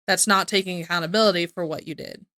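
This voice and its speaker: A woman talks through her reactions in a loose, rambling way, often stopping to correct herself. Her voice is bright and forward. The sound is dry, with no room echo. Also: lowish voice, fairly even intonation, fast. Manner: rambling, self-correcting, reads messages aloud. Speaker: reaction commentator. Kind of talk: casual reaction commentary.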